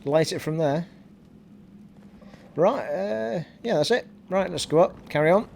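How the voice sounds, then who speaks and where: A man's voice: a little high, animated, measured pace, vocal fry, darkish tone, a little hiss or hum. A man giving casual, jokey commentary while live-streaming a video game. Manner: chatty, jokey, laughs often.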